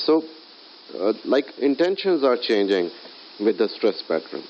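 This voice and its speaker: A man teaching English in a recorded lecture, often pausing with filler sounds as he explains. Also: lowish voice, sing-song. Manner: hesitant, many filler sounds. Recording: dull lo-fi audio with faint hiss.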